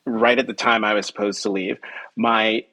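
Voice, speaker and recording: In a rough recording, a journalist speaking at normal speed shares a personal story as a podcast guest. He animates it by performing quoted lines with pitch jumps, often saying um and correcting himself.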